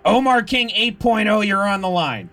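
A man's voice: high-pitched, animated, normal speed, fairly bright tone. A man hosting a morning radio call-in show in the studio, upbeat and announcer-like. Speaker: radio DJ host.

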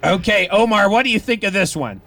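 A male morning radio host running a call-in contest, talking in a brisk, playful way with quick restarts. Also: high voice, lively intonation, fairly bright tone, soft background music.

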